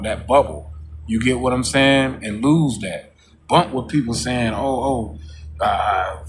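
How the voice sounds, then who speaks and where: A man talking, preaching and repeating his phrases as he goes. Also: slight background noise. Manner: preachy, repeats "you know what I'm saying"; mocks coworkers in a high voice. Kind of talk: casual monologue vlog.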